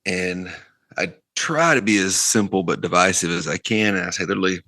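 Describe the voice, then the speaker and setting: A man's voice: low-pitched, brisk, no room sound. A man co-hosting a podcast, telling stories in a casual chat and acting out the lines of the people he quotes. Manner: animated, acts out quoted dialogue. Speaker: podcast co-host.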